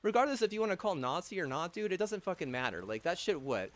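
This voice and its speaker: Profane ranting young man, higher voice. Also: very animated. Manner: angry, heavy swearing, halting restarts and fillers. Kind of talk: profane rambling rant.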